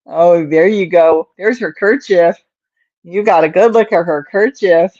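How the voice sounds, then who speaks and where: A woman hosting a crochet livestream drifts between baby talk to her cat and rambling asides. Her voice sits low and moves at a very slow, easy pace. The sound is a little dull and lo-fi. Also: a little mellow. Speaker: crochet channel host. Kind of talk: casual livestream chat.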